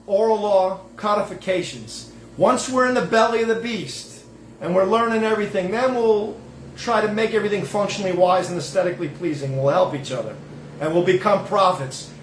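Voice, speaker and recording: A man's voice: sits high, reverberant, a little hiss or hum. A man hosting his own show, giving a digressive religious monologue in a folksy, self-interrupting way. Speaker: host.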